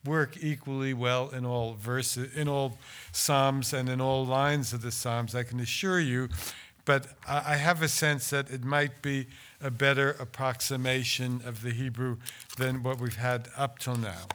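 A man's voice: mid-range voice, flat delivery, a bit bright. An older man, a translator, giving a talk about his translations, hesitant and full of restarts while explaining. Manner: hesitant, stammering restarts in explanation, measured and declamatory when reciting. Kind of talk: lecture with poetry reading.

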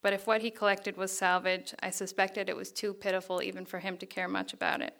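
Woman author, fiction reading: even, flat delivery, bright, crisp voice with some fry. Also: medium pitch, brisk.

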